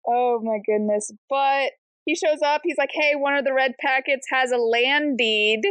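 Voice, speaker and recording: A woman's voice: sits high, unhurried, fairly bright tone, clean tone, no room sound. A woman co-hosting a book club podcast, chatting casually and animatedly about a novel, often acting out characters' lines.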